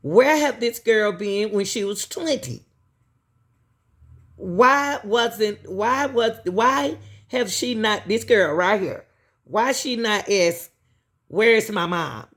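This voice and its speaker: A woman's voice: mid-range voice, lively intonation, slow pace. A woman host giving emphatic commentary to her viewers, repeating herself and asking pointed questions.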